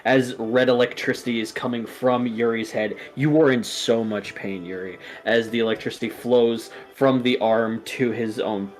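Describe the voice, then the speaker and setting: A man's voice: medium pitch, steady tone, moderate pace, few pauses. A man running a tabletop game as game master, narrating casually with many fillers.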